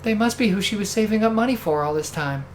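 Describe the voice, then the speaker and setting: A man's voice: sits high, lively intonation, fast talker, slight background noise. A man co-hosting a let's play, chatting in a teasing, laid-back way. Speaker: co-host. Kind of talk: casual gameplay chat.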